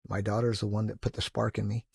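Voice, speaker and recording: A man in his sixties tells stories as a podcast guest, animated and enthusiastic. His gravelly, husky voice jumps up when he acts out the quotes. It sounds dry and close. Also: fairly low pitch, fast talker, dry recording. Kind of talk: casual storytelling interview.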